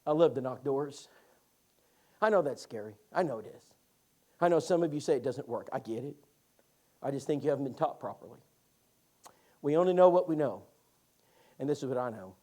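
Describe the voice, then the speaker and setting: A man teaching a Bible class, telling stories in a folksy, animated way. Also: medium pitch, brisk, pauses often. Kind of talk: lively classroom storytelling.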